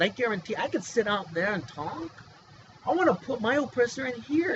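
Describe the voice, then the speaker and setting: A man's voice: high voice, big pitch swings, moderate pace. A man talking to camera in a rambling, agitated, pleading way, full of restarts and fillers, in a personal vlog. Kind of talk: emotional personal monologue. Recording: dull lo-fi sound with clear background hiss.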